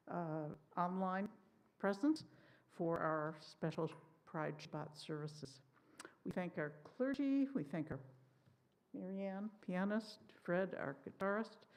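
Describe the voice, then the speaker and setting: A woman from a synagogue board reads the week's announcements to the congregation. Her voice sits a little low, and she talks casually, stumbling over a word and correcting herself along the way. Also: darkish tone. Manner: chatty, with fillers and self-corrections. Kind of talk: service announcements. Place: synagogue sanctuary.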